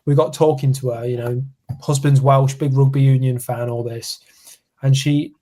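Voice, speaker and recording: A young man from England, co-hosting a podcast, telling stories in a casual, animated chat and acting out what people said. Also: a little high, husky. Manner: animated storyteller, acts out quotes. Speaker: podcast co-host.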